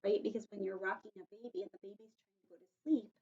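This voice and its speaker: A woman teacher reading a story aloud to young children, explaining words slowly and patiently and checking in with them often. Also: mid-range voice, animated, warm tone, lo-fi sound. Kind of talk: read-aloud vocabulary lesson for young children.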